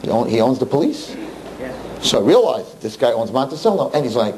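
A rabbi tells a story to his listeners with lively ups and downs in his voice, pressing hard on key words. His middle-range voice carries over a faint background noise. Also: mid-range voice, brisk, rough recording. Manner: animated, emphatic, jumps into quoted voices. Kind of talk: storytelling talk to an audience.

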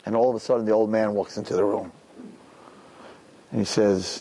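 A man telling a parable in a sermon, animated and building to impassioned peaks. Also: lowish voice, normal speed, pauses often. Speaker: religious teacher. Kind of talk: sermon storytelling.

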